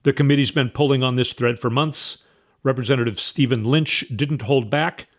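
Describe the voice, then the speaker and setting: A man's voice: mid-range voice, fairly even intonation, moderate pace. A man hosting a commentary show, reading news aloud in a casual, emphatic way and repeating words for stress. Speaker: host.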